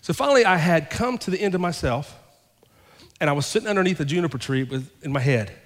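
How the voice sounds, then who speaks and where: A fairly high-voiced male pastor preaches in a church, his words ringing with the long reverb of a big sanctuary. He tells a personal story by acting out each side of the conversations himself. As the sermon goes on, he builds to fervent, raised preaching. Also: lively intonation, fast talker.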